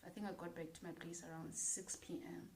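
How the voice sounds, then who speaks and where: A woman's voice: on the low side, steady tone, brisk, a little mellow, echoey room, a little hiss or hum, low-quality recording. A young South African woman with a South African accent, speaking bluntly and with passion in a casual opinion vlog, swearing freely. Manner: blunt, profane, impassioned. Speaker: vlogger.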